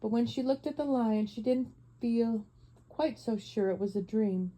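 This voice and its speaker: Woman audiobook narrator, measured and expressive, very dark warm tone. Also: mid-range voice, poor audio. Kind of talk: audiobook reading.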